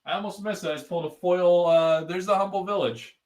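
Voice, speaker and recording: A man's voice: high-pitched, steady tone, brisk, darkish tone. A man from the Northeastern United States, a card collector hosting his channel, telling rambling, joking stories while he opens card packs at home. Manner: rambling, joking, trash-talking banter. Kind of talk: casual storytelling while opening card packs.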